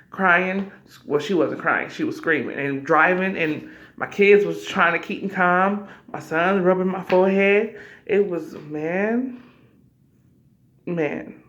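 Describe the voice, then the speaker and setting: A woman vlogger telling a personal story casually to her viewers, acting out scenes with cries and asides. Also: sits low. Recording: slightly dull lo-fi audio.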